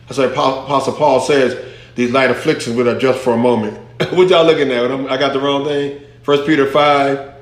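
A man's voice: mid-range voice, fairly even intonation, brisk. A man, a pastor, giving a conversational Bible lesson, reading scripture aloud and rising into fervent emphasis. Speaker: pastor teaching a Bible class. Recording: echoey room.

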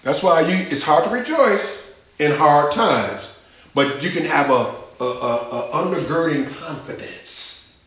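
A man's voice: on the high side, lively intonation, measured pace, a bit bright. A man preaching a sermon, teaching scripture with emphasis and asking the congregation questions. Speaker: pastor. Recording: echoey church hall.

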